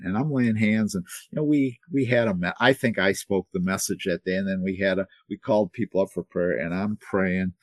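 An older male pastor, around seventy, preaching with a low voice. His storytelling is earnest and full of restarts and repeated words. The recording is close and dry. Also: no room sound. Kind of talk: sermon.

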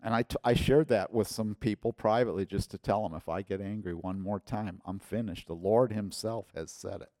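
A man preaching a personal testimony, his voice swelling loud when he quotes others. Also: lowish voice, a little fast, few pauses, dry recording, studio quality. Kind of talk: sermon testimony.

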